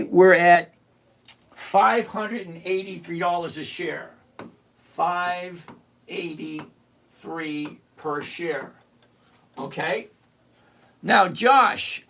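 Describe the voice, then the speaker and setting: A middle-aged livestream host in casual commentary who teases a viewer sarcastically, repeats points slowly and mutters while hunting around the screen. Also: mid-range voice, fairly bright tone, a little hiss or hum. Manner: teasing, sarcastic, talks straight to a viewer.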